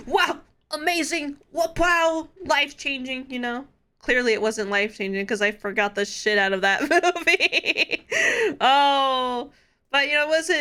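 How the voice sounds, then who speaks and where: A young woman streamer with a bright, sharp voice and an unhurried way of talking. She chats casually with her viewers, giddy and quick to laugh. Her voice sits a little high. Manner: giddy, laughs often, talks straight to chat.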